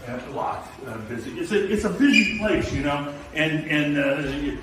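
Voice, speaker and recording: A man's voice: fairly high pitch, animated, a little slow. A man rambling aloud in a clip played on the show. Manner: rambling, then shouting wildly. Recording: roomy distant clip with crowd noise.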